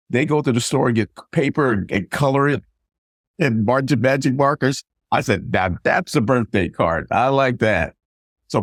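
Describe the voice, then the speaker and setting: A man's voice: mid-range voice, no echo, clean studio sound. Older man telling family stories. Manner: animated storyteller acting out quoted dialogue. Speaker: guest, retired army sergeant major. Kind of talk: casual storytelling interview.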